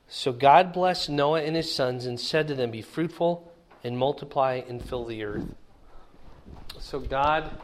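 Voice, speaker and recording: A middle-aged man teaching a conversational Bible lesson in a folksy way, often checking in with his listeners. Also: medium pitch. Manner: folksy, asks the listeners questions.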